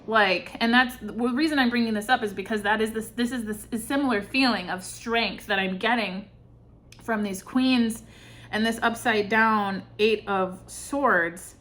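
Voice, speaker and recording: A woman's voice: fairly high pitch, measured pace, fairly bright tone. A woman giving an intuitive tarot reading, earnest and searching for words with many fillers. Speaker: tarot reader.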